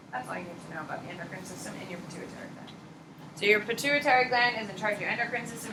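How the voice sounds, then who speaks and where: A woman teacher giving a casual, animated classroom lecture, blunt and chatty. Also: high-pitched, slight background noise. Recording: echoey classroom from far off.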